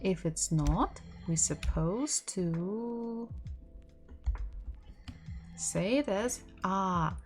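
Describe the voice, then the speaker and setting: Woman, language teacher on a live stream; slow, patient letter-by-letter delivery, faint music underneath. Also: medium pitch, animated, darkish tone. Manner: patient, spells words out letter by letter; reads viewers' chat messages aloud.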